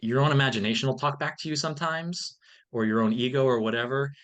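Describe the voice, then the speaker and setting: A man's voice: mid-range voice, quick pace, fairly bright tone. Earnest man sharing as a podcast guest. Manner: earnest, reflective, many fillers. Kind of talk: casual interview talk.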